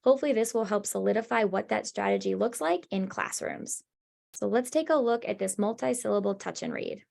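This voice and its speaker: This woman, a former classroom teacher and coach, presents a webinar on reading instruction. Her mid-range voice is a little fast, creaky and slightly mellow as she walks through strategies step by step in a conversational, instructive tone.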